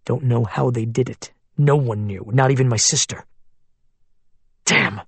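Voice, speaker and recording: An anxious man on the run speaks low and hushed, voiced by a male narrator. His voice is husky and tense. The recording is dry and close. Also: unhurried, dry recording.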